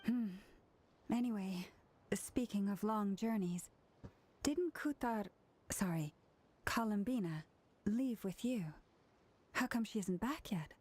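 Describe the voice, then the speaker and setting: An actress playing a gentle, polite young woman in a video game. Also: mid-range voice, animated, slow, pauses often, husky. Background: game music.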